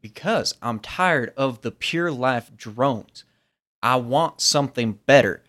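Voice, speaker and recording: Sweaty, jumpy defector , a man doing the voice: lively, swooping delivery with a folksy drawl. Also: medium pitch, slow. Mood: jittery. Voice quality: folksy Southern-style drawl. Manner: rambling, jittery and pleading. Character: sweaty, portly, nervous corporate defector man.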